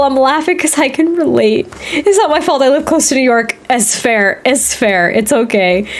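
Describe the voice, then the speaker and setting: A woman's voice: high-pitched, normal speed. A woman in her thirties chatting casually on a gameplay stream, rambling and laughing often. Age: 30s. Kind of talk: casual livestream chat while playing.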